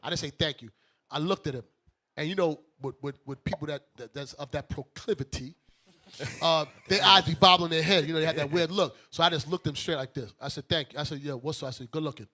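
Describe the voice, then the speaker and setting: A middle-aged man from Brooklyn, a bishop telling a story to his congregation in a casual, animated way and acting out each person's lines himself. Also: a little high. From Brooklyn, United States. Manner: animated, acts out the other voices in his stories.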